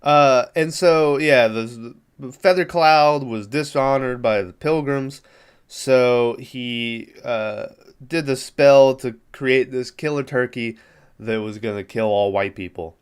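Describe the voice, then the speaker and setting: A man's voice: mid-range voice, takes it slowly, clean tone. A man hosting a podcast, recapping a movie in a rambling, profane, amused way. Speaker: podcast host.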